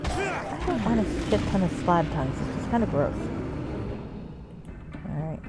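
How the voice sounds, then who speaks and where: A woman's voice: medium pitch, huge pitch swings, unhurried. A woman streamer giving casual gameplay commentary, chatty, swearing freely and talking to the game's characters. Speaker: game streamer. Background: game music.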